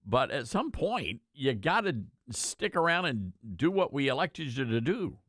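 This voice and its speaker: A man hosting a talk radio show in a studio, chatting casually with guests and pausing often with fillers. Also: mid-range voice, sing-song, fairly bright tone, no echo. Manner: casual, folksy, halting with fillers. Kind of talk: conservative talk radio chat.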